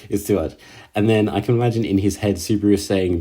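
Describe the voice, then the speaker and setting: A man casually recapping an anime episode, halting with lots of fillers and slangy asides. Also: on the low side, mellow. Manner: halting, filler-heavy, slangy, laughs at own jokes.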